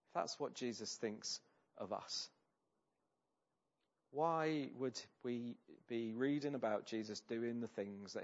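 Guy preaching a sermon, earnest and chatty, asks the congregation little questions, kinda muffled recording. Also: mid-range voice. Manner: earnest, conversational, asks rhetorical tag questions.

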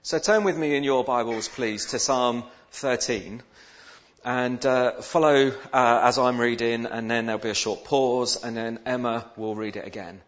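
A man's voice: medium pitch, fairly even intonation, unhurried, dull audio. A male minister giving a sermon in a chatty, self-deprecating way. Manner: chatty and self-deprecating, with dramatic psalm reading. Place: church.

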